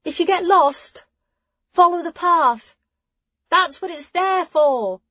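A woman's voice: a little high, normal speed, darkish tone, husky, dry recording, muffled recording, voice pushed up. A woman voicing a teasing, affectionate young novice girl. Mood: calling out.

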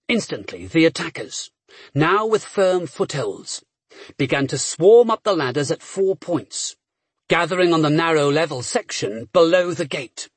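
A man's voice: a little high, breathy edge, no echo. A man reading a story aloud as an audiobook narrator with a dramatic, varied delivery.

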